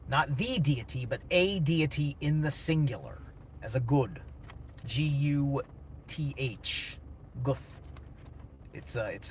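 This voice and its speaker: A man's voice: mid-range voice, fairly bright tone, a little hiss or hum. A man streaming a blunt, casual, opinionated monologue, swearing heavily and answering chat.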